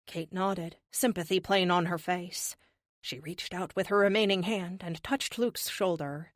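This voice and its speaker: A woman narrating an audiobook with a lively, expressive reading. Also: on the low side, measured pace, dry recording, clean studio sound. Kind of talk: scripted narration.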